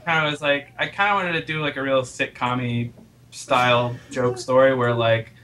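A man's voice: mid-range voice, fairly even intonation, normal speed, pushed and bright, a little hiss or hum. A man, a comics artist, chatting casually as an interview guest, telling a story with many fillers and chuckles.

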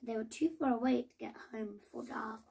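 A woman reading a children's picture book aloud in a slow, gentle way, with small restarts. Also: fairly high pitch, steady tone, gravelly, a little hiss or hum. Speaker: storybook reader.

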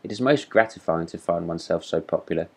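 A man's voice: low-pitched, fast, darkish tone, husky. A man doing a chatty, boastful storybook frog. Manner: talkative, cheerful, boastful. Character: chatty self-satisfied male frog.

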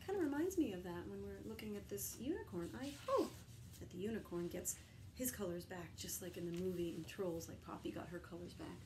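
A woman teacher reading a picture book aloud to young children, gently pausing to ask them questions. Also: fairly low pitch, expressive, a little hiss or hum, low-quality recording. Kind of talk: storybook read-aloud for children.

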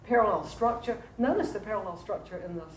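A woman's voice: medium pitch, animated, fast talker. A woman lectures an adult class in a church classroom, chatty and full of asides. The sound is roomy, as if the mic picked up the whole classroom. A faint hiss sits behind her.

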